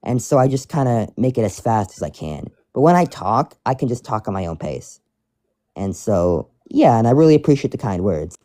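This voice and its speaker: A man talks casually as he reads fan mail aloud, rambling and often restarting mid-sentence. His pitch swings widely, his tone is warm and mellow, and the sound is close and dry. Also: very animated, normal speed, dry recording. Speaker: streamer reading fan mail. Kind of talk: casual chat.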